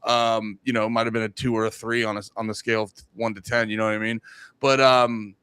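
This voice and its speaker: A man co-hosting a podcast in casual chat. He talks in an animated way and keeps jumping into mocking voices of other people. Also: fairly low pitch, fast, clear, resonant tone, dry recording. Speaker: podcast co-host.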